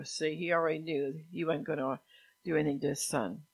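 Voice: medium pitch, fairly even intonation, creaky, husky, no echo, rough recording. An earnest preacher delivering a sermon, reading scripture aloud, stopping to explain it, and putting direct questions to the listeners. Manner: pauses to explain the passages being read.

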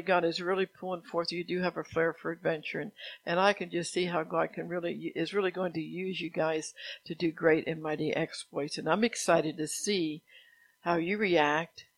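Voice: medium pitch, no room sound, poor audio. An earnest preacher delivering a sermon, reading scripture aloud, stopping to explain it, and putting direct questions to the listeners. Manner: pauses to explain the passages being read.

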